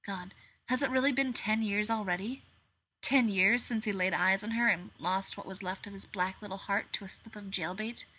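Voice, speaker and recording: A woman reads a dark story aloud in a measured way. Her voice is bright and clear, pitched in a middle range. She slows down on the grim passages. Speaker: reader. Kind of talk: dark fan fiction narration.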